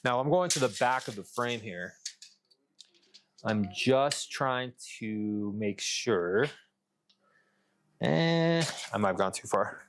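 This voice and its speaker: A man in a workshop vlog talks the viewer through his fabrication work in a loose, rambling way. His pitch sits in an ordinary middle range, and he mutters and curses under his breath as he goes. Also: animated, slow, pauses often, a little hiss or hum. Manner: loose and rambling, talks to camera while measuring; mutters and swears to himself mid-task. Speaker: custom truck fabricator.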